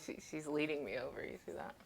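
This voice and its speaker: Low-voiced woman chatting while she cooks. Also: fast talker, vocal fry, slight background noise. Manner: rambling, swears casually, laughs often. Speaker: cooking streamer. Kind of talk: casual live-stream chat while cooking. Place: home kitchen.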